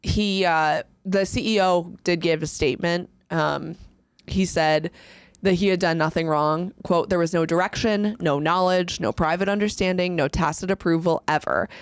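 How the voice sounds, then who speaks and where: A woman's voice: fairly low pitch, no room sound. A woman co-hosting a casual podcast, telling a story in a chatty way, laughing often and acting out quotes. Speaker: podcast co-host.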